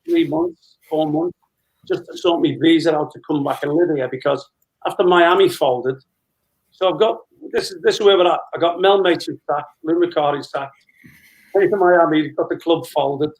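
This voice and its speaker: A man in his fifties, a former footballer, telling lively anecdotes with frequent laughter as an interview guest. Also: a little high, normal speed, vocal fry, rough recording. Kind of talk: casual storytelling interview.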